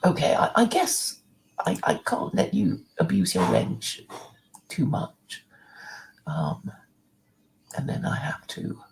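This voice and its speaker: A woman hosting a livestream in casual chat, rambling with many restarts and soft, half-whispered asides. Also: low-pitched, wildly swooping pitch, slow, creaky, pauses often, slight background noise, rough recording. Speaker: livestream host.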